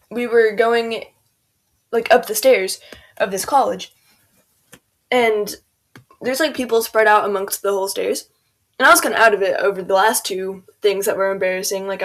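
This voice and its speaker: A teenage girl rambling casually through a storytime over gameplay, full of "like" and "um", quoting people as she goes. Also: medium pitch. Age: teens. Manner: rambling, filler-heavy, quotes people in voices. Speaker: gaming video creator.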